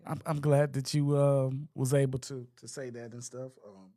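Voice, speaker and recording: A man's voice: medium pitch, little pitch movement, moderate pace, warm tone, no room sound, clean studio sound. A man hosting a casual talk show, reading out a definition and then prompting his guests. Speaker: host. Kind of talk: casual chat.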